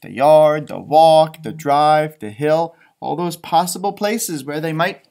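A man's voice: fairly high pitch, a little slow, gravelly, darkish tone. A man, a teacher, reading a children's picture book aloud and chatting to young listeners about the pictures. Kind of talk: children's storybook read-aloud.

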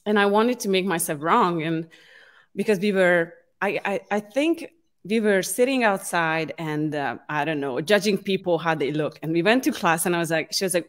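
Emotional woman host. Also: mid-range voice. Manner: emotional, halting, many restarts. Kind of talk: casual conversation.

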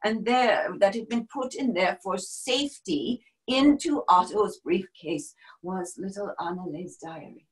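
A woman's voice: mid-range voice, natural voice, low-quality recording. A woman playing a brave wartime helper. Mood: grave. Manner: grave, measured, drops to hushed whispers. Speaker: stage performer. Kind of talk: first-person dramatic monologue.

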